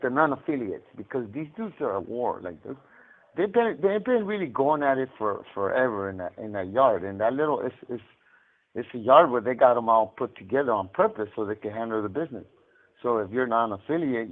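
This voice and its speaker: Man, incarcerated caller, casual halting storyteller with restarts and the odd laugh, mid-pitched, heard through a tinny phone line. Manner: halting, repeats words and restarts often; laughs now and then while telling. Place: prison phone. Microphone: phone handset.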